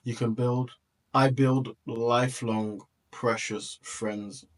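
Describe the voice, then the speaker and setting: A man's voice: mid-range voice, steady tone, takes it slowly. A man hosting a reaction video, speaking in a heartfelt, reflective way, often restarting his sentences.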